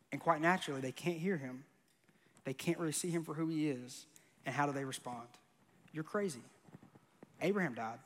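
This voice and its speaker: High-voiced pastor in a big hall. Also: male voice, normal speed, long pauses, fairly bright tone. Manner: conversational, joking, with bursts of emphasis. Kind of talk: sermon.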